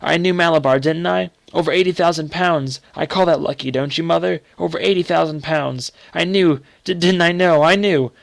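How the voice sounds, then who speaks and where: A man's voice: vocal fry, no room sound. A man voicing a feverish, obsessed little boy. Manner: high, urgent, insistent.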